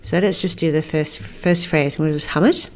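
A woman teaching parents a lullaby, explaining calmly and singing the lines for them to repeat. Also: low voice. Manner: gentle, unhurried, sings lines then invites singing along.

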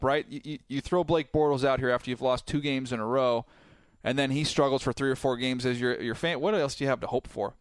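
A man, a football analyst on a sports talk show, explaining his views in a measured, steady way. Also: on the high side, no echo. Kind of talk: sports radio debate.

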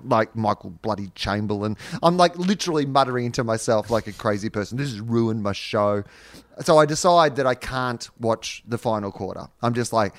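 An Australian man co-hosting a casual podcast, recounting a story with lively swings of feeling, swearing freely and breaking into laughs. His voice is mid-pitched and recorded close and dry. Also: dry recording. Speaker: podcast co-host and stand-up comedian. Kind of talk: casual chat.

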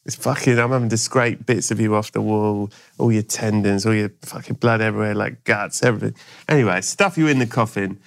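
Gravelly man spinning comic tales. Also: lowish voice, brisk. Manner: playful, spins absurd scenarios, acts out voices. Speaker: podcast host. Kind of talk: comic improvised storytelling.

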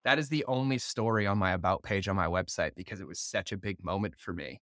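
A man hosting a podcast, telling stories in an animated way and swearing freely in casual conversation. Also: low-pitched, quick pace, no room sound, clean studio sound. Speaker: podcast host.

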